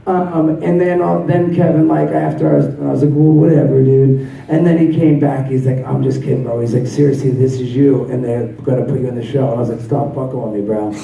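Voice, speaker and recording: A man's voice: mid-range voice, a little fast, gravelly, mellow, highs cut off, a little hiss or hum. A middle-aged man telling rambling, profane stories at a convention panel, laughing often and using lots of fillers. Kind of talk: casual storytelling Q&A. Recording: roomy hall audio from far off.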